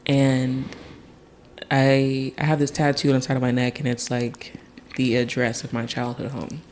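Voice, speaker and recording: On a podcast as a guest, this young Tennessee man shares a childhood memory casually and with energy, breaking into laughter and impersonating others. His pitch is medium, his pace moderate, and a faint hiss or hum sits underneath.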